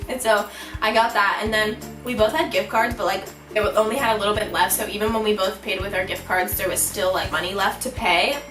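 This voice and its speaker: A young woman vlogger telling a storytime in an animated, giggly way, acting out her own shouts. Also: medium pitch, fairly quick, far from the mic. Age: young adult. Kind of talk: storytime vlog. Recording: echoey room, a bit off-mic, music behind.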